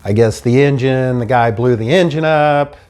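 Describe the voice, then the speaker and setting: A man telling his own true story in an animated, frustrated way, acting out the people he dealt with. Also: medium pitch, moderate pace, clean tone. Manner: animated, frustrated retelling with quoted dialogue. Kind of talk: personal storytelling.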